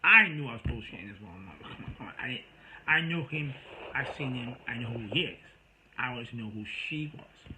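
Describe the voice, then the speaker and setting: A man's voice: medium pitch, lively intonation, a little fast, noisy background. A man telling a rambling, exasperated story in a casual monologue to his viewers. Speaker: storyteller vlogger.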